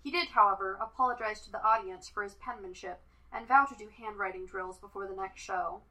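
A woman reading fan fiction aloud in an even, quiet narrating voice. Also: medium pitch, brisk, poor audio. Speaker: podfic reader.

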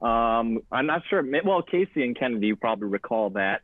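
A man in his twenties, a podcast guest, talking in a goofy, energetic way with joking announcer bits. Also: mid-range voice, fairly quick, dry recording. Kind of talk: casual chat. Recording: dry tinny phone-like line.

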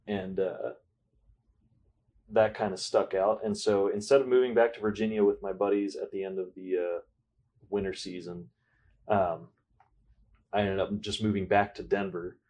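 A young man as a podcast guest, chatting casually in a relaxed, rambling way with dry sarcastic asides. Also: on the low side. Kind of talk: casual interview chat.

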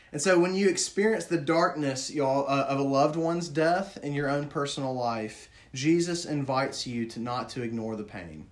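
Guy preaching a sermon, middle-pitched voice, earnest, asks the room questions, goes quiet and low on the sad bits. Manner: earnest, drops to a hushed low voice on grief words.

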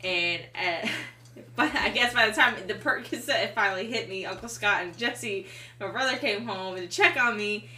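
A woman with a bright, high voice tells a story on a casual podcast, animated and quick to laugh, cursing freely. She sits a bit back from the mic, and the room gives her a noticeable echo. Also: recorded from a distance. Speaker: podcast co-host.

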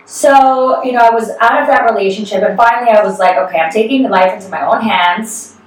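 A woman's voice: on the high side, fairly quick, heavy reverb, far from the mic, poor audio. A woman in her thirties hosting a podcast, chatting frankly with lots of fillers and restarts. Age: 30s. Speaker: podcast host. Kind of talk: casual candid chat.

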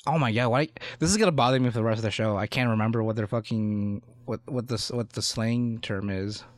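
A man co-hosting a casual podcast chat, excitable, swearing and restarting his sentences. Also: medium pitch, brisk, no echo, studio quality. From Chicago area. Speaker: podcast co-host.

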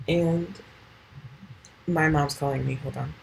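A woman's voice: low voice, steady tone, slow, creaky, a little hiss or hum, rough recording. A teenage girl talking casually on her own podcast at home, rambling with lots of fillers and casual swearing. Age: late teens. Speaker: podcast host. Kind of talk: casual solo podcast chat.

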